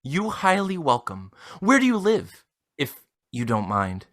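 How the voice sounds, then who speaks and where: A man's voice: fairly high pitch, unhurried, exaggerated voice. Man reading as a sugary romance-scam bot. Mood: saccharine. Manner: flat read-aloud of stilted messages. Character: female romance-scam bot, overly sweet.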